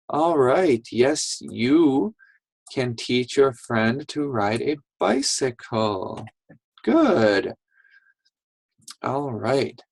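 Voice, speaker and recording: A woman teacher leads a reading lesson for young children, speaking very slowly and deliberately in a husky voice. She is animated and praises the class with little gasps. The sound is dry and close, with no room echo. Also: extremely low pitch.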